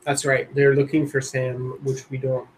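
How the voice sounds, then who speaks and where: A man's voice: mid-range voice, monotone, normal speed, poor audio. A man playing in a tabletop game, chatting in a laid-back, agreeable way. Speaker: player. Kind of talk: casual chat at a game table.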